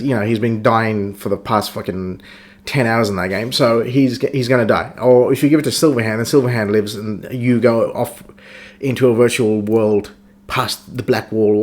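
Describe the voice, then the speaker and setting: A man on a podcast, ranting about a video game in a crude, profane, mocking way. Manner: crude, swears constantly, mocks characters in squeaky voices. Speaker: podcast host reviewing a game. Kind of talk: casual profane rant.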